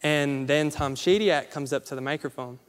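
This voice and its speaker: Animated male speaker in a reverberant hall. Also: a little high, normal speed. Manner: animated storyteller acting out quotes. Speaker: motivational speaker. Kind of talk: storytelling speech on stage.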